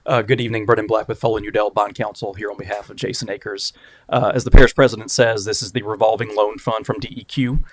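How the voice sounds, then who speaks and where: Fast, flat-voiced man briefing a council. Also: lowish voice. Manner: brisk and businesslike. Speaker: bond counsel.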